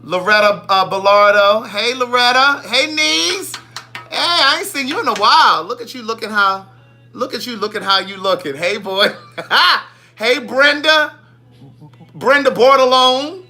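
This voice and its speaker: A man's voice: high voice, moderate pace, faint music behind. A man hosting a casual live stream, greeting viewers by name in a playful, sassy way. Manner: playful, sassy, animated shout-outs. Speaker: livestream host.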